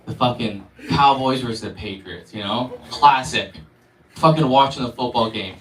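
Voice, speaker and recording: A man's voice: medium pitch, moderate pace. A man doing a stand-up set, telling stories and acting out the voices of people in them. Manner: animated storytelling, acting out voices. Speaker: stand-up comedian. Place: comedy club stage. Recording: echoey club from far off. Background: audience laughter.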